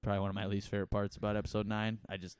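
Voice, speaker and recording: A man's voice: on the low side, completely flat delivery, racing, darkish tone, clean tone, no echo. A young man co-hosting a podcast in loose, rambling casual chat, laughing often and dropping into silly accents. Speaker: podcast co-host.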